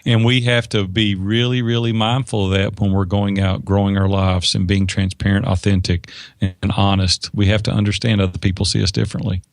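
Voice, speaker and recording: Gravelly, emphatic male storyteller. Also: lowish voice, flat delivery, a little fast, dry recording, clean studio sound. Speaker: interview guest, business mentor. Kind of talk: conversational storytelling.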